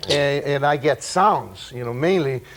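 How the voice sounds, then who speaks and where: A man with a Brazilian Portuguese accent, a native Portuguese speaker, gives a relaxed percussion class, rambling loosely and dropping in vocal sound effects. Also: fairly high pitch, a little slow. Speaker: percussion teacher. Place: room with percussion table. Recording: loud percussion noise and clicks.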